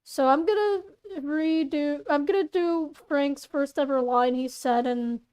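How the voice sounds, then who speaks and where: A fan fiction reader and voice actor reads her story casually from her bedroom, playful and meandering, adding asides and fixing her own slips along the way. She has a high, slightly mellow voice and an unhurried pace.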